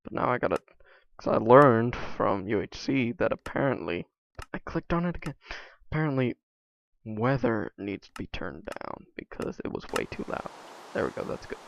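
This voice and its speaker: A man's voice: medium pitch, expressive, normal speed, creaky, a little hiss or hum, poor audio. A teenage boy chatting casually while playing a game, rambling with lots of fillers and trailing thoughts. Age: teens. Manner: rambling, many fillers, drifts off mid-thought. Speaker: gaming vlogger.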